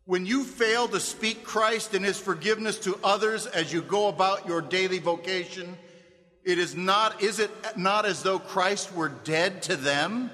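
A man's voice: high voice, unhurried, sharp tone. A man preaching a sermon, fervent and accusing, voicing the crowd's cries with drama. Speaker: pastor. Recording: reverberant hall.

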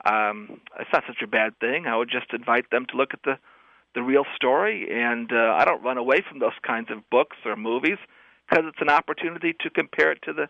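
A man's voice: medium pitch, fairly quick, creaky, no room sound. Man, phone-line guest, thin tinny sound, dry, thoughtful with restarts. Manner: thoughtful, frequent restarts and fillers. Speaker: guest scholar. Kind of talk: radio call-in talk.

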